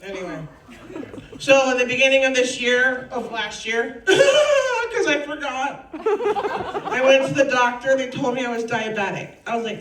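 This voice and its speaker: A woman in her forties doing stand-up comedy, brash and profane, ranting with loud outbursts. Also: fairly high pitch, expressive, moderate pace, background noise. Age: 40s. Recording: roomy club, distant mic, audience.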